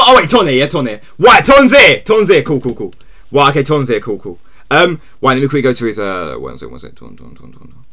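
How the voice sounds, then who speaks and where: Excitable high-voiced male streamer. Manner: tags nearly every phrase with "yeah?", talks to chat; excitable, shouts when surprised. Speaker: live streamer. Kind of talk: casual live gaming stream chat.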